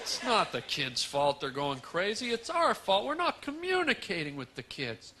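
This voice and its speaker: High-voiced man doing stand-up. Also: sing-song, normal speed. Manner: absurd, mock-sincere rambling with nonsense wordplay. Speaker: stand-up comedian. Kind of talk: stand-up comedy set. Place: comedy stage before a live audience. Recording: live stage recording with audience noise.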